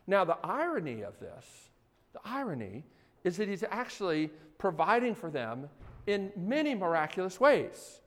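A man preaches with a high, very expressive voice whose pitch leaps around. He talks to his listeners conversationally and keeps throwing questions at them. His voice rings out in a hall with a long reverb. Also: moderate pace. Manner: animated, conversational, asks the audience questions. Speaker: pastor. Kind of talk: sermon.

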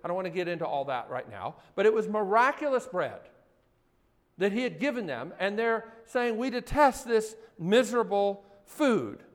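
A man's voice: sits high, sing-song, normal speed, fairly bright tone. A man preaching a sermon as pastor, talking conversationally and putting many questions to his audience. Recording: hall reverb.

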